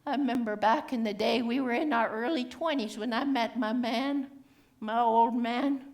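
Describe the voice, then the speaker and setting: A woman's voice: a little high, moderate pace, darkish tone, close to an everyday voice. A woman playing a cheeky old Cree auntie. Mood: reminiscing. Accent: Cree-inflected English. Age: older. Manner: teasing, chatty, drops grammar endings. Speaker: stage storyteller. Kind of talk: live comedic character monologue.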